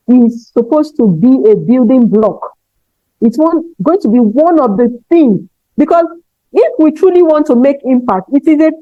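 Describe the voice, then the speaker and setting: High-voiced woman giving an emphatic teachers' talk. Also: dry recording. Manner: emphatic, often checks in with "okay?". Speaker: conference speaker for teachers. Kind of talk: motivational talk. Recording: dull, dry, lo-fi sound.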